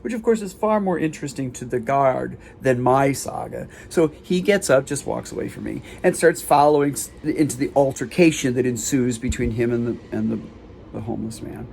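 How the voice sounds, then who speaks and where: A man performing a live comic storytelling show, recounting a hospital visit in halting, self-interrupting sentences. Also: medium pitch, gravelly, a little mellow, slight background noise. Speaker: solo performer. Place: small theater stage.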